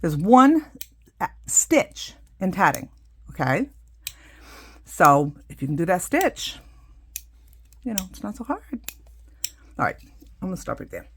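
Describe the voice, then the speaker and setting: Gravelly-voiced woman teaching a craft. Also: fairly low pitch, sing-song, measured pace, pauses often, slight background noise. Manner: chatty, explains hands-on with many asides. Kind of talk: casual how-to demonstration.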